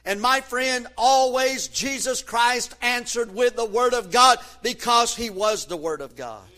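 A man preaching a sermon from the pulpit, fervent and emphatic, rising to shouts on key points. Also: very high-pitched, measured pace, faint music behind. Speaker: pastor.

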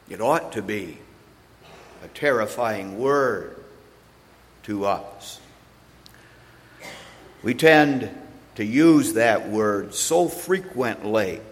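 A man preaching an expository sermon, slow and deliberate, pausing between phrases and leaning hard on single words. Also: medium pitch, a bit bright. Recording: long hall reverb.

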